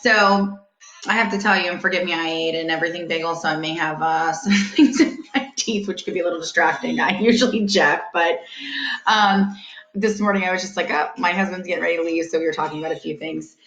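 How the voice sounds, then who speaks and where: Woman host, live home vlog, low voice, chatty and rambling, roomy echo. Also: a little fast, fairly bright tone. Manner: chatty, rambling, laughs easily. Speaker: host of a daily live video. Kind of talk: casual live vlog chat.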